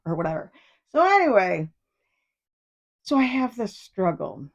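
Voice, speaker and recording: Middle-aged woman podcast host, casual and blunt storyteller, rambling with restarts, medium pitch. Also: sing-song, a little slow, highs cut off. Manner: chatty, frank, with many restarts and fillers.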